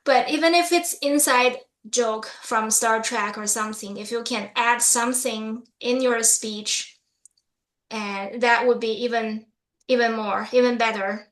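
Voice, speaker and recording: A woman's voice: a little high, fairly even intonation, unhurried, fairly bright tone, roomy sound. A woman closing her evaluation of a speech at a club meeting, hesitant and full of fillers.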